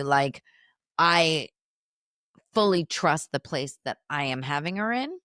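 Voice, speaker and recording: A woman's voice: deep voice, fairly bright tone, dry recording, clean studio sound. A woman in her thirties hosting her own podcast, talking candidly and chattily through a personal reflection, with lots of fillers. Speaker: podcast host.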